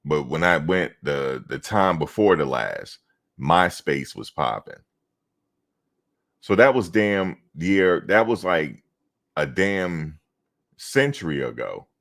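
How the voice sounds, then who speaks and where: A man's voice: extremely low pitch, sing-song, takes it slowly, gravelly, fairly bright tone. A man chatting casually on a livestream, telling rambling stories and talking straight to his viewers. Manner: rambling, loose storytelling, talks to chat viewers. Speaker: reaction streamer.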